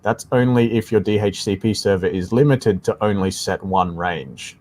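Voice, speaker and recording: A man's voice: fairly low pitch, moderate pace, darkish tone. A man with an Australian accent co-hosting a live tech Q&A stream, explaining things casually and often saying "like I said". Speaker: tech support co-host.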